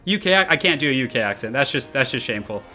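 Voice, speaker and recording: A man's voice: mid-range voice, expressive, very fast, pushed and bright, faint music behind. A young man chatting casually on a live game stream, upbeat and chatty as he answers comments from his viewers at his home computer.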